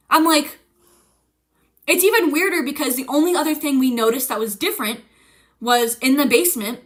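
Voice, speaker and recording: A young woman streamer telling a story in casual chat, animated and profane, acting out the voices of the people she quotes. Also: high-pitched.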